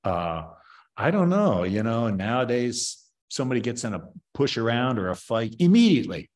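A man's voice: medium pitch, sing-song, moderate pace, darkish tone. A man in his seventies, a martial arts master, giving opinionated, rambling answers in an interview with many fillers.

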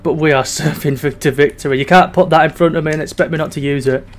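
A man's voice: on the high side, fairly even intonation, fast. Sweary gamer man, faint music behind. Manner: chatty and sweary, drifting between mock despair and giggles. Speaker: gaming YouTuber. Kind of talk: casual gameplay commentary.

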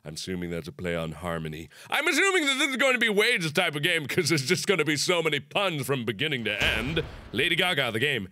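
A man in his twenties giving excitable, punny let's-play commentary with frequent yelps and laughs. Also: a little high, fast talker, no echo, studio quality. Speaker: gaming YouTuber. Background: game music.

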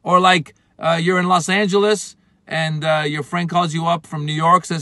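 A man's voice: fairly high pitch, moderate pace, vocal fry. A middle-aged man who is a comedian, explaining words in a comic way and acting out exasperated outbursts. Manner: animated, acts out exasperated outbursts.

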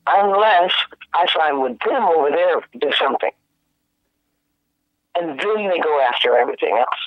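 Guest musician, male, high voice, animated storyteller, tinny phone-like sound. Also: moderate pace, no room sound. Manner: animated, laughing, slangy and profane. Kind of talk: casual storytelling chat.

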